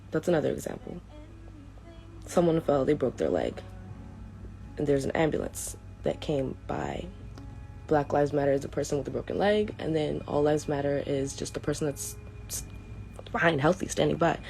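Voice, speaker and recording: A young woman with a low, gravelly voice, talking earnestly and a bit haltingly as she reads a written statement to camera. Faint music plays softly behind her. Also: lively intonation. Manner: earnest, hesitant, restarts often. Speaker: vlogger. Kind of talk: reading a prepared statement to camera.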